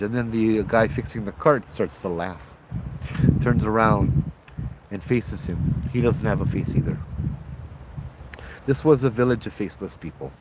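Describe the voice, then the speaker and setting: A man with a Hawaiian accent, a bit tipsy, telling ghost stories outdoors in a relaxed, rambling way with local slang. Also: on the low side, measured pace, long pauses, heavy background noise. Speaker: host, ghost-story teller. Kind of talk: casual spoken storytelling. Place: outdoors at night.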